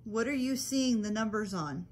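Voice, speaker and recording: A woman's voice: on the high side, lively intonation, moderate pace, a little mellow. Patient woman coaxing spirits. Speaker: paranormal investigator. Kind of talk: calling out to spirits during a ghost hunt. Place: old hotel interior.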